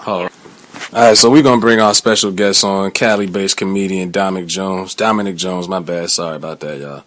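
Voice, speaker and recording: A man's voice: deep voice, fairly even intonation, fairly quick, a bit bright, a little hiss or hum, rough recording. A man co-hosting a podcast, talking bluntly and profanely in joking casual chat. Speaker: podcast co-host.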